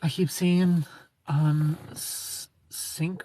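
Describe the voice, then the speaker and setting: A man's voice: a little high, unhurried, warm tone, husky. A man hosting a live stream, chatting casually and joking while he reads and answers viewer comments.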